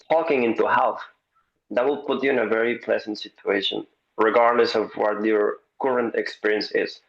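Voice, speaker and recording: Animated man coach on a dull call. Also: lowish voice, moderate pace. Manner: animated, swears, jokes, hesitant restarts. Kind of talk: casual roundtable chat.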